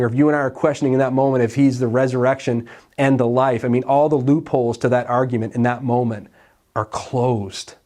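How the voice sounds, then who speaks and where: Guy preaching a sermon, casual storytelling tone, goes quiet and soft a lot, mid pitch. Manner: conversational preaching, drops to soft quiet lines. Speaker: pastor.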